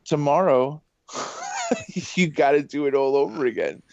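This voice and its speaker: A man talking as a podcast guest in a casual, excitable, rambling way, full of fillers. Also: a little high, measured pace, creaky, dry recording. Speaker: podcast guest, professor and voice actor. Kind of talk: casual interview chat. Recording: dull lo-fi dry sound.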